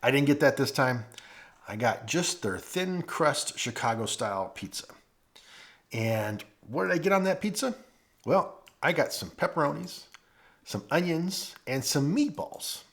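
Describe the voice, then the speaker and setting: A chatty man with a St. talks through a food review, his pitch rising and falling a lot. He sounds folksy and easygoing, and he breaks off here and there to taste something. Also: expressive, unhurried, a bit bright. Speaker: food vlogger. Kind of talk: casual food review vlog. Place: at home.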